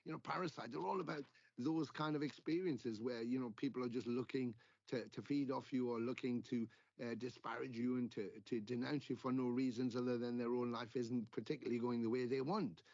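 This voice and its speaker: A middle-aged man from England, a guest musician in a casual interview, telling stories with lively acted-out quotes and plenty of swearing. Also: mid-range voice, a little fast, creaky, no echo. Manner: animated storyteller, acting out quoted exchanges, swears freely. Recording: dull lo-fi sound.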